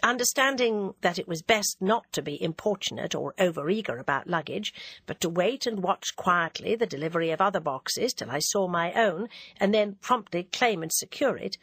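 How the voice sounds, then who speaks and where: A woman narrating a classic novel as an audiobook reader, in a measured, even way. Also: on the low side, slightly rough, dry recording.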